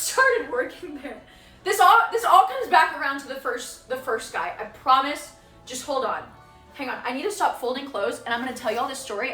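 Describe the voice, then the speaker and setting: A woman's voice: sits high, bright, forceful tone, echoey room. A woman in her twenties from Texas telling a dramatic story as a casual streamer, swearing and acting out quoted voices.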